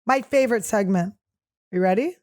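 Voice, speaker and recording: A woman hosting a comedy podcast alone, telling crude, animated, self-mocking stories in a casual monologue. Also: mid-range voice, normal speed. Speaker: podcast host.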